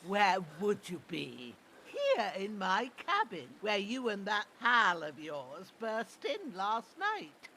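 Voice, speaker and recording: A woman's voice: medium pitch, huge pitch swings, takes it slowly, hardly any pauses, sharp tone, a little hiss or hum, full character voice. A fussing old village healer woman. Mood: motherly. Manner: homely folksy dialect, fussing and motherly. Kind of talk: video game dialogue.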